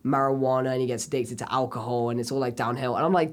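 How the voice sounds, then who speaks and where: Casting note: chatty male co-host, excitable film talk, loose and filler-heavy. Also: medium pitch, fast talker. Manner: enthusiastic, rambling with many fillers. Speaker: podcast co-host. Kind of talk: casual film review chat.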